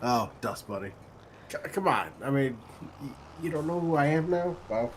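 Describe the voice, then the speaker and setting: A man joining a livestream as a guest on voice chat, joking in a slow, dry way. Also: mid-range voice, animated, slight background noise. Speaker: guest co-player. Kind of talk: casual voice chat.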